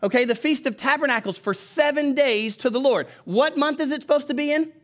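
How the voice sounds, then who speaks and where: A middle-aged man with a Southern country accent preaches in a fairly high voice. His delivery is folksy and conversational, with frequent calls for the congregation to follow along in their Bibles. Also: fairly quick, a bit bright. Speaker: pastor. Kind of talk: sermon.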